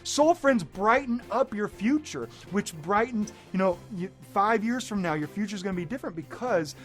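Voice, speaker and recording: High-voiced animated male life coach. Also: normal speed, faint music behind. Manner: animated, acts out scenes in excited bursts. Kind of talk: motivational talk.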